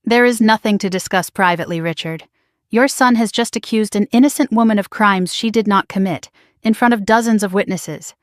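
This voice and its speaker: A stern, cool-headed man of authority, as a woman storyteller voices him. He speaks quietly, firmly and cuttingly. Dry, close recording. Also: medium pitch, fairly quick, no echo, close to an everyday voice.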